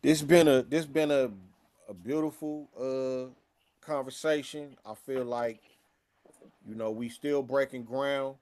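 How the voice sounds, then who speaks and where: A man co-hosting a live talk stream, speaking in a halting way with many restarts as he works out his plans. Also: mid-range voice, fairly even intonation, darkish tone. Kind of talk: casual chat.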